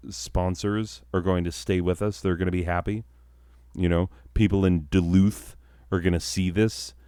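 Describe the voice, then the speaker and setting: A man's voice: deep voice, a little mellow, dry recording, clean studio sound. A man hosting a comedic mock TV show, grumbling sarcastically at his off-screen crew. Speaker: comic show host. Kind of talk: comedic mock TV-host monologue.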